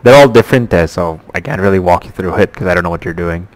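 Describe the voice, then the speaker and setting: A man's voice: sits low, expressive, quick pace. A sleepy man chuckling through laid-back gaming chat with friends. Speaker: gaming channel regular. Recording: noisy voice chat.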